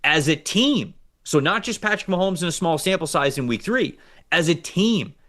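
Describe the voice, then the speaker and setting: A man's voice: on the high side, normal speed. Man breaking down football stats. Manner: reads out stats, animated and joking. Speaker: co-host, football analyst. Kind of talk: casual sports analysis chat.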